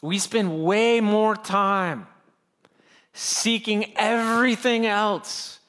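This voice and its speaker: A man's voice: sits high, drawn-out words, a bit bright, long reverb tail. A middle-aged man preaching a sermon as a pastor, earnest and pleading, often repeating phrases for emphasis.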